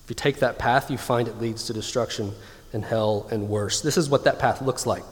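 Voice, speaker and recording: A man in his thirties preaching a sermon with emphatic delivery, slowing down to stress key lines. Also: medium pitch, steady tone. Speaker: pastor. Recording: long hall reverb.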